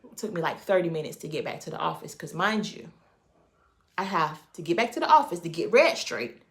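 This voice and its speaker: A woman with a low, gravelly voice and a lot of creak tells a personal story straight to her viewers. She is animated and emphatic, leaning hard into every beat of the tale. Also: brisk. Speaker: vlogger. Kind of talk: casual storytime.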